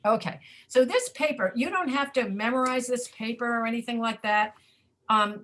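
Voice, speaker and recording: A woman's voice: mid-range voice, fairly bright tone. A woman teaching a pronunciation class over a video call, explaining patiently and checking in with her students. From Florida, USA.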